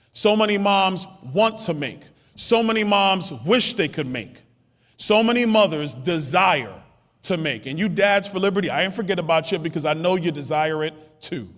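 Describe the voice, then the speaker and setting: Speaking at a podium microphone in a hotel ballroom, a Brooklyn congressman delivers a rally speech at a summit, the large room's long reverb trailing his words. His voice sits high and sounds expressive and fairly bright at a moderate pace as he tells stories in a conversational, punchy, rousing way.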